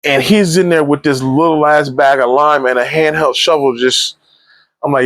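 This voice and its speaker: A man giving a casual spoiler movie review, retelling scenes in a rambling, animated way full of slang and restarts. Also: a little high, moderate pace, no room sound.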